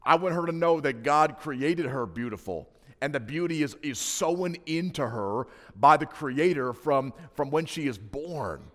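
A man's voice: fairly high pitch, lively intonation, a little slow, hardly any pauses, fairly bright tone. A man in his thirties, a pastor giving a sermon, telling personal stories in a conversational way with asides to the congregation. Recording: preaching in a reverberant hall.

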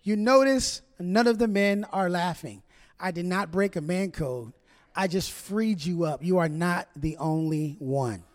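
A pastor with a high, light voice for a man, preaching a humorous sermon in a joking, chatty way. He talks straight to the congregation, teasing the men and the women in turn. His words ring out with the long reverb of a big church hall. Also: measured pace.

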